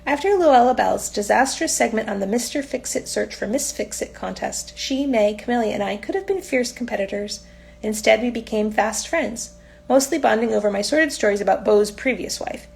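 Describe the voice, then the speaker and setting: A woman's voice: fairly high pitch, normal speed, creaky, darkish tone. A woman reading aloud from her own novel in a casual, unpolished audiobook style, now and then stumbling and correcting herself.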